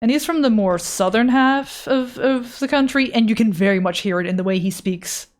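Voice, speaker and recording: Young adult woman, Dutch accent, native Dutch speaker; relaxed, rambling streamer chatter with the odd swear word. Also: fairly high pitch, normal speed. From Netherlands. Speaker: art streamer. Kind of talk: casual chat while drawing on a livestream.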